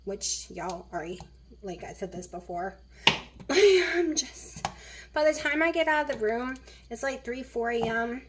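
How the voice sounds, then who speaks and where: A woman's voice: fairly high pitch, normal speed, noisy background. Chatty woman rambling in her kitchen. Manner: rambling, chatty, many fillers. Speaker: vlogger. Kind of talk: casual kitchen vlog chat. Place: home kitchen.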